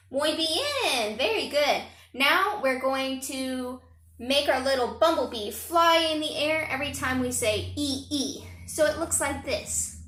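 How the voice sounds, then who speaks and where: High-pitched woman music teacher, cheery and encouraging with kids, echoey room with noise behind. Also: animated, a little slow. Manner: upbeat, encouraging, chanting spelled letters. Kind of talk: online children's lesson. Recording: roomy and noisy home recording.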